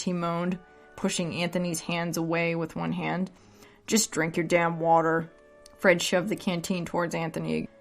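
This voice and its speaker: A woman's voice: lowish voice, gravelly. A drunk woman reading a story aloud at home under a blanket, loose and rambling with side notes.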